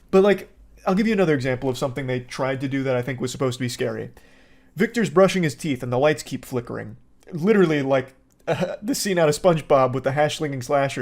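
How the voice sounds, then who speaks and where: A man, an online movie reviewer, ranting in a sarcastic, exasperated and profane style. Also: medium pitch. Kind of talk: casual ranting commentary.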